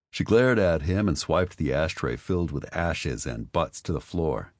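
A man reads an audiobook in an exceptionally deep voice. His delivery is measured and steady. The recording is dry and close. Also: no echo. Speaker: audiobook narrator. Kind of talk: scripted narration.

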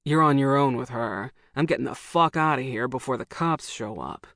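A woman's voice: extremely low pitch, normal speed, a bit bright, no room sound, clean studio sound, pitched below the performer's own voice. A woman voicing a brash young man in an audiobook, mocking and cursing. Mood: scornful. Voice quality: sneering, cursing.

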